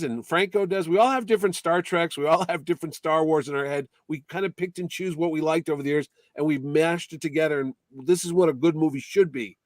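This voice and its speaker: A man from Connecticut hosting a casual chat, telling a story in a lively way and acting out the voices of others. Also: a little high, no room sound. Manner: animated, acts out quotes in put-on voices. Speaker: podcast host.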